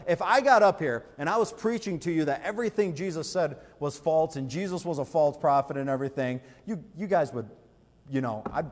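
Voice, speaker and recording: A man preaching from the pulpit, his voice sitting a little higher than most men's. He talks in an animated, conversational way, firing rhetorical questions at the room, and the sound rings with a long hall reverb. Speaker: pastor. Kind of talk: sermon.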